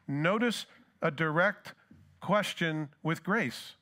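A man's voice: fairly high pitch, lively intonation, unhurried, fairly bright tone. A pastor preaching a sermon who asks his congregation rhetorical questions and acts out scripture dialogue.

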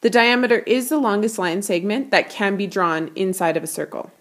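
A woman's voice: mid-range voice, brisk. A woman teacher reading a children's picture book aloud and explaining math concepts with patient clarity.

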